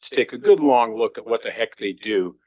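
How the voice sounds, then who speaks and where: A man's voice: medium pitch, lively intonation, fairly quick, a little mellow, no room sound. Folksy, wry male councillor. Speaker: city councillor. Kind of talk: council debate speech. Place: council chamber.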